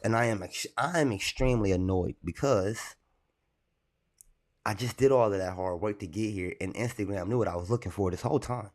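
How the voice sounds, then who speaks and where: A young man on a casual livestream, rambling and irritated as he talks to his chat. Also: on the low side. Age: young adult.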